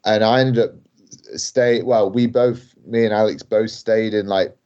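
Young bloke rambling thru a story, lotsa likes and laughs, lowish voice, muffled audio. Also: male voice, steady tone, unhurried, a little mellow, clean tone. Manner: rambling, lots of fillers, laughs while telling. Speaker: guest wrestler. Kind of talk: casual podcast storytelling. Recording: dull lo-fi audio.

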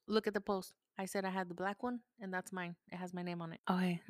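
Animated, cursing mom telling a story. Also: female voice, on the low side, a little fast, dry recording. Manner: animated, swears freely, switches between English and Spanish. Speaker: podcast host. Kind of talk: casual storytelling.

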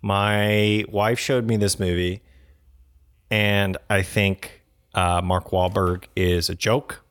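A man's voice: fairly low pitch, slow pace. A married man co-hosting a casual podcast chat, ranting bluntly and swearing freely. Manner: blunt, profane, animated rants. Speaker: podcast co-host.

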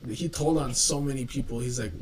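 A man's voice: mid-range voice, fairly even intonation, fairly quick, slight background noise, rough recording. A young man, a podcast co-host, telling a heated story in casual chat, swearing heavily and acting out the people he quotes.

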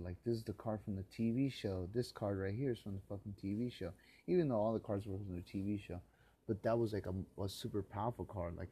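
A man's voice: sits low, warm tone. A man from the Los Angeles area in a rambling solo podcast monologue, talking bitterly and with constant swearing, often rising into angry rants.

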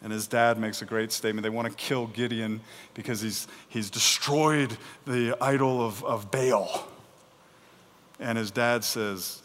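Animated preacher in a reverberant hall. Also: male voice, on the low side, a little slow. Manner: animated preaching, acts out biblical voices, swings loud and soft. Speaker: pastor. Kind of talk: sermon.

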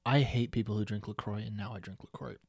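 A man's voice: fairly low pitch, steady tone, quick pace, gravelly, a little mellow, slightly rough, no room sound, clean studio sound. A young man hosting a podcast, chatting casually with a friend, goofy and jokey, laughing often. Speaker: podcast host. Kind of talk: casual chat.

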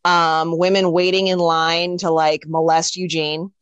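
A woman co-hosting a podcast, recapping a movie in wry, animated casual chat. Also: fairly low pitch, a little slow, smooth, dry recording, dull audio. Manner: animated, wry, acts out characters. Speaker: podcast co-host.

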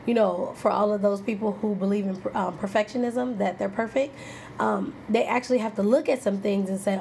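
A woman's voice: mid-range voice, a little fast, gravelly, noisy background. A woman in her thirties giving a casual motivational talk on self-reflection, candid and playful, laughing often and acting out what people say. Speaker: self-help speaker.

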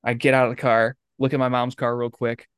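A man's voice: mid-range voice, fairly quick, clear, resonant tone, no echo. Man telling a story in a dry booth. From Michigan, US. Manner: animated storytelling with swearing and acted quotes. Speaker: podcast co-host. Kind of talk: casual chat.

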